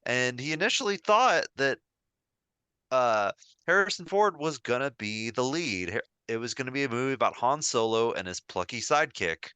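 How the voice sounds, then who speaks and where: A man's voice: mid-range voice, normal speed, clear, resonant tone, dry recording. A man co-hosting a podcast, retelling a story in casual chat with plenty of fillers. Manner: relaxed storytelling with filler words. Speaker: podcast co-host.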